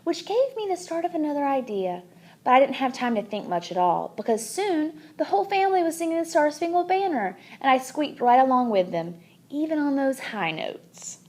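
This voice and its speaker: A woman narrating a children's book aloud in an expressive, animated way. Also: high-pitched, moderate pace. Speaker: audiobook reader.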